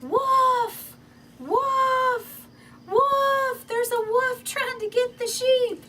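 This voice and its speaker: A woman voicing a mischievous young shepherd boy who shouts in a shrill, high voice. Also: very animated, unhurried, exaggerated voice. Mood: yelling. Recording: distant mic, faint background noise.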